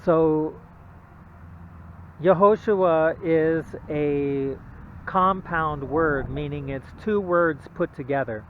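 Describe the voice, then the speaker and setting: A man giving an informal Bible talk, halting and repetitive, often checking in with the listener. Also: on the high side, slight background noise. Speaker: religious video presenter. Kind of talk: informal Bible teaching monologue. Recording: tinny phone-like audio.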